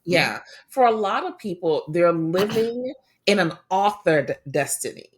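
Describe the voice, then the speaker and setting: A woman's voice: fairly low pitch, very animated, a little slow. A woman host of an interview, affirming her guest and laughing often in casual chat.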